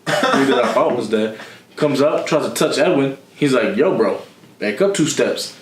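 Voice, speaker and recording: A man's voice: medium pitch, animated, normal speed. A young man telling a story in casual chat, slangy and laughing often, acting out what others said. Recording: echoey room.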